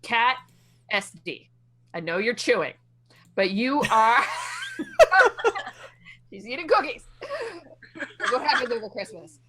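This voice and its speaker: A woman's voice: a little high, lively intonation, slow pace, long pauses, pushed and bright, breathy edge. A woman hosting a casual gaming podcast, chatty and upbeat as she leads the group through the segments over a video call. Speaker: podcast host.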